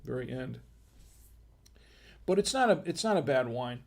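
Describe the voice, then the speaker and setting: A man hosting a live-stream wine tasting, chatting casually in a rambling, halting way with self-deprecating humor. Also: medium pitch, expressive, creaky.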